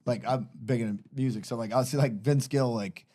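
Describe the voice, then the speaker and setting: A man's voice: mid-range voice, brisk, mellow. A man hosting a podcast, telling long rambling stories in casual chat and swearing often. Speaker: podcast host.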